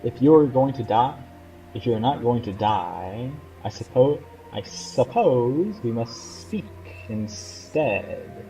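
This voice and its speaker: A man's voice: mid-range voice, lively intonation, takes it slowly, warm tone, faint music behind, low-quality recording. A man voicing a monumental ancient serpent, reading game dialogue with every S drawn out into a hiss. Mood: ominous.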